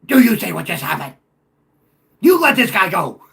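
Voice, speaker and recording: A man voicing an outraged male football fan who is yelling in exasperation, as a bit on a sports talk show. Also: sits high, big pitch swings, normal speed, gravelly, far from the mic, exaggerated voice.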